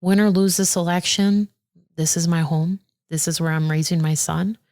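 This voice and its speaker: A woman who is a circuit judge, talking earnestly and warmly as a podcast guest, getting animated when she quotes people. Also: lowish voice, moderate pace. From Aurora, Illinois. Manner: earnest and heartfelt, animated when quoting others. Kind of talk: casual interview conversation.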